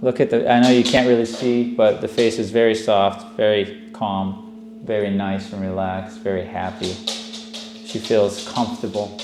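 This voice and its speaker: A man with a fairly low voice coaching a dog and talking through what he sees. He keeps a calm, even tone. The sound is roomy, with faint music behind him. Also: moderate pace. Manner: soft, steady praise to a dog. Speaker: dog trainer.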